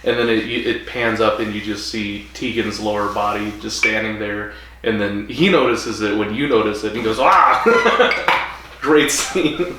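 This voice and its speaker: A man co-hosting a casual podcast chat, recapping an episode and acting out characters' lines in quick put-on voices. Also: on the low side, fairly even intonation. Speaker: podcast co-host. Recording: echoey room, far from mic, faint hiss.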